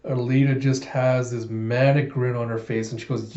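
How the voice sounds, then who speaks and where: A man reads a comic aloud in a casual, animated storytelling manner. His voice is dark and mellow, and the recording sounds dull and lo-fi in an echoey room. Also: mid-range voice, moderate pace, few pauses. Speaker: comic readthrough host.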